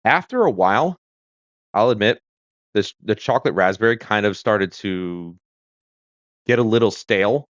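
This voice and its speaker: A man from the United States hosts a casual livestream, wandering from point to point with plenty of fillers and restarts. His voice sits low. The audio is dry and a little dull, like a home streaming setup. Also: expressive, normal speed, pauses often, fairly bright tone, dry recording. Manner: rambling, chatty, with fillers and self-corrections. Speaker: livestream host. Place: home room with a kitchen corner.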